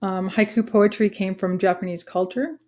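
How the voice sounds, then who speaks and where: A woman in her forties explaining a lesson to students in a relaxed, casual way, with frequent ums and self-corrections. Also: medium pitch, normal speed. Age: 40s. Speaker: teacher.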